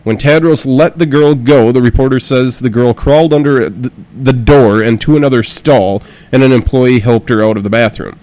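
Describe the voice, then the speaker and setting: A man in easy podcast conversation, reading a story aloud with plenty of "uh"s before breaking off to riff on it. His voice sits at an ordinary middle pitch, and he swears freely and laughs often. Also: moderate pace, hardly any pauses, darkish tone, poor audio. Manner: profane and joking, laughs often, reads with fillers. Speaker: podcast host.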